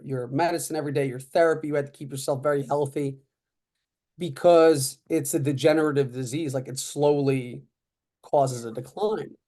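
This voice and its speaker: A man in his thirties, a podcast guest telling a personal story in a casual way, acting out other people's quoted lines with lots of fillers. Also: a little high. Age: 30s. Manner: animated, acts out quoted dialogue; frequent fillers like "uh" and "like".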